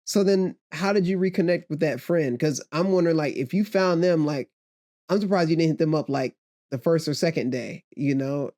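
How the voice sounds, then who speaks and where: A man's voice: on the high side, normal speed, dark tone. A man hosting a podcast, asking curious follow-up questions in casual interview style. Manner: curious, laughs along. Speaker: podcast host.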